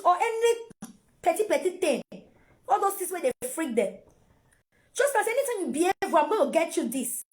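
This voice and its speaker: A woman's voice: very high-pitched, darkish tone. A Nigerian woman and mother giving casual parenting advice to camera, repeating phrases and mixing in pidgin.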